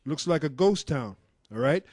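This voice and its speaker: A man's voice: fairly high pitch, lively intonation, normal speed, a little mellow, dry recording, clean studio sound. A man earnestly reading from an article and explaining it to a group, with frequent fillers. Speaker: member of a religious group presenting research.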